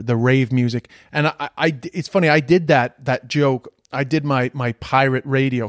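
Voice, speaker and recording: A middle-aged Irish man telling stories at a medium pitch, rambling from one memory to the next. He keeps correcting himself and swears casually. The sound is dry and close, with no room around it. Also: no echo. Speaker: comedian. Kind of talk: casual storytelling.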